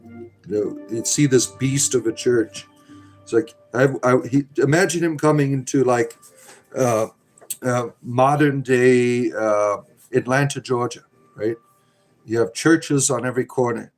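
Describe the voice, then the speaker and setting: A middle-aged man chats his way through a livestream, reading viewers' messages and riffing on them with irreverent, sardonic asides. His voice sits at an ordinary middle pitch, and soft music plays faintly behind him. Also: unhurried. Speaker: livestream host reading chat. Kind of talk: casual livestream chat.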